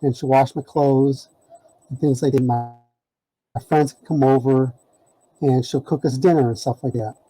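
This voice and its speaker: A man's voice: mid-range voice, steady tone, normal speed, long pauses, dark tone, poor audio. A man telling a rambling story as a podcast guest, full of fillers and laughs. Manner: rambling, many "you know" fillers, laughing. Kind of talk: casual storytelling.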